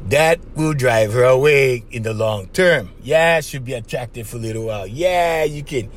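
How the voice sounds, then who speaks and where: A man hosting a podcast, giving casual advice in an animated monologue, laughing often and acting out little voices. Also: mid-range voice, normal speed, a little hiss or hum. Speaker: podcast host.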